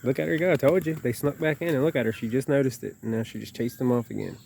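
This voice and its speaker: Male wildlife vlogger, casual and loose, mid pitch, warm low tone. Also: steady tone, fast talker, creaky, a little hiss or hum. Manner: chatty, loose, talks to the birds. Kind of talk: casual outdoor narration. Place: outdoors by a pond.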